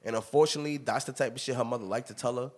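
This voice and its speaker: Animated man telling stories on a podcast. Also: medium pitch, very fast. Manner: animated, emphatic storytelling with frequent laughs. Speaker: podcast host. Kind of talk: casual chat.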